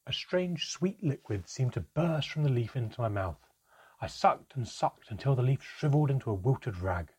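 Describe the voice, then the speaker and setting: A man narrating a first-person storybook in a measured, expressive reading. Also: mid-range voice, husky.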